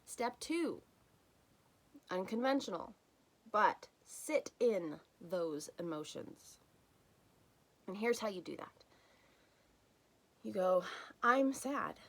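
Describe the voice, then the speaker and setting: A woman hosting a solo self-help podcast, talking in an earnest, encouraging way and softening to near-whispers on key phrases. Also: mid-range voice, sing-song, slow, long pauses. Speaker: podcast host.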